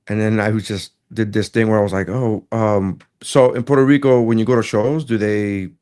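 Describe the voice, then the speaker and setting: A man on a podcast telling a story from his comedy gig in a casual, animated way, acting out the dialogue. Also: on the low side, normal speed, smooth. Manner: animated, acts out dialogue in quotes.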